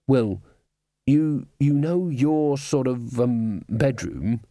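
A man voicing a dim, hesitant young man who mumbles in a low, halting way. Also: mellow, no room sound, clean studio sound. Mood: mumbling.

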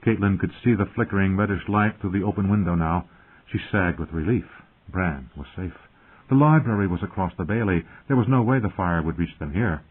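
Husky-voiced male audiobook narrator. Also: low voice, lively intonation. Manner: measured, dramatic storytelling. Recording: tinny phone-like audio.

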